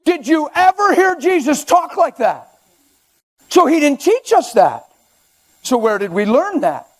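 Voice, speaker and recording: An older man preaching a sermon in a church, conversational and animated with sudden loud outbursts. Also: very high voice, measured pace.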